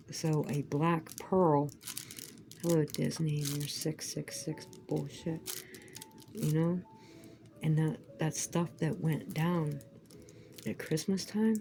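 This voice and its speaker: Lower-voiced woman rambling on camera, cussing a lot, faint crinkly noise behind. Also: dark tone, rough recording. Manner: rambling, profane, emphatic. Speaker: vlogger. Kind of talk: casual crafting chat.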